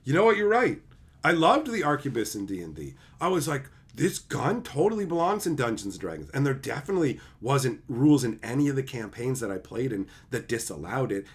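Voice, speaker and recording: Angry sarcastic streamer, husky, animated pitch, lots of swearing. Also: male voice, a little fast. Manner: profane, heated, sarcastic, mocks opponents in put-on voices. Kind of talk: ranting commentary.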